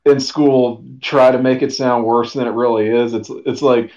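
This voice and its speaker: A man's voice: medium pitch, fairly even intonation, normal speed, a little mellow. A man in casual podcast chat, easygoing and musing. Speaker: guest co-host. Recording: slightly dull lo-fi sound.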